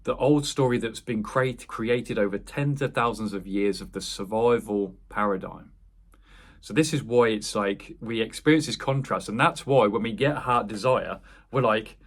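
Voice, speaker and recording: A man's voice: lowish voice, normal speed. A young man, a wellness coach, speaking earnestly in a meandering spiritual monologue that often restarts and corrects itself. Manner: earnest, meandering, self-correcting, laughs at himself.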